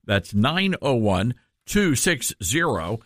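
A man's voice: medium pitch, takes it slowly, dry recording, clean studio sound. A man hosting a talk radio show with a Southern accent, chatting in a folksy, jokey way. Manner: folksy, jokey, lively storytelling. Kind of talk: talk radio chat and live ad reads. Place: radio studio.

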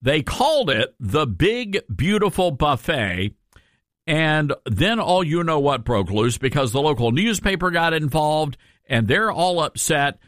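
A man's voice: on the high side, a bit bright, no room sound, studio quality. A man hosting a political talk radio show, sarcastic and emphatic as he rants and jokes. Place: radio studio.

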